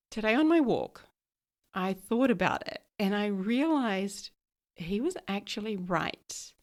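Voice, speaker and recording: Chatty woman hosting a solo podcast. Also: mid-range voice. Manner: chatty, often checks in with listeners. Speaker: podcast host.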